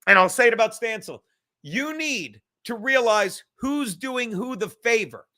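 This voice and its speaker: A man hosting a casual livestream podcast, talking in a rambling, animated way full of swearing. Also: extremely high pitch, unhurried. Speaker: podcast host.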